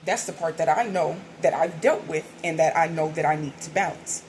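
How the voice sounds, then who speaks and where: A woman's voice: sits low, normal speed, darkish tone, a little hiss or hum, low-quality recording. A woman hosting a spiritual video, talking candidly and rambling to her viewers in a casual way, swearing now and then. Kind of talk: casual spiritual talk to camera.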